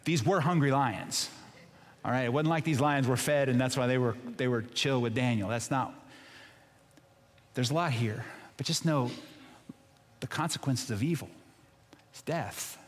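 A man's voice: mid-range voice, normal speed, long pauses, long reverb tail. A man preaching a sermon as pastor, retelling a scripture story in a casual, emphatic way.

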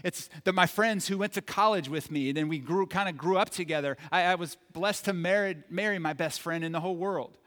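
Male pastor, sermon delivery, casual humor mixed with emphatic points, a bit higher voice. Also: fairly quick, hardly any pauses, fairly bright tone. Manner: conversational, joking, emphatic. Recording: long hall reverb.

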